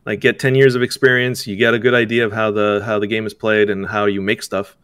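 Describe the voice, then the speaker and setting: Male interview guest, smooth tone, halting delivery, easy laughs. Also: fairly low pitch, level tone, fairly bright tone, no room sound, studio quality. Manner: hesitant, many restarts, laughs often. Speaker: game developer guest. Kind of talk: casual interview talk.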